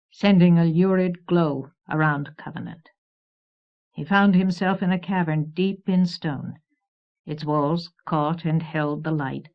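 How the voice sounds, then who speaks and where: Female narrator for fantasy audiobook, measured reading, fairly low voice, dull tape sound. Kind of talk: scripted narration. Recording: dull old cassette recording.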